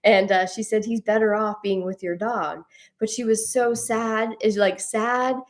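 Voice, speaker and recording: Woman, host, casual storytelling, rambling, restarts, laughing, mid pitch. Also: steady tone, unhurried. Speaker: host of a spiritual journey series.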